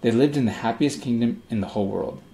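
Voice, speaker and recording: A man reading a children's story aloud in measured, expressive scripted narration. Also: medium pitch, slight background noise. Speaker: audiobook reader.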